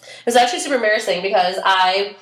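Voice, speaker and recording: A young woman hosting a podcast, telling stories in a chatty, animated way. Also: mid-range voice, fast. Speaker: podcast host. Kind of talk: casual chat. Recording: echoey room.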